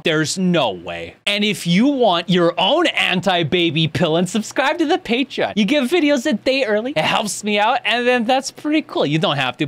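A man's voice: high voice, a bit bright. A man streaming, reacting to short videos with crude jokes and frequent laughter. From Canada. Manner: crude, joking, laughs often. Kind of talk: casual reaction commentary.

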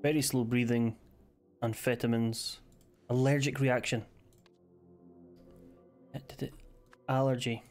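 Scottish male streamer, casual and profane, average pitch, light music bed. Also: level tone, a little slow, long pauses, darkish tone. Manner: sweary, jokey, thinks aloud. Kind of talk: casual gaming stream chat.

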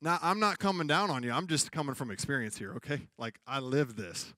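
A man's voice: mid-range voice, fairly quick, pushed and bright, dry recording, studio quality. A man preaching a sermon as pastor in a church, talking conversationally and acting out funny exchanges. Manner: conversational preaching with comic acted-out quotes.

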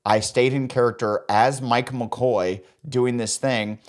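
A man's voice: mid-range voice, slow pace, few pauses. A man in his thirties, a podcast co-host telling a comic story in casual chat and acting out the voices of the people in it. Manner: animated, acts out quoted voices.

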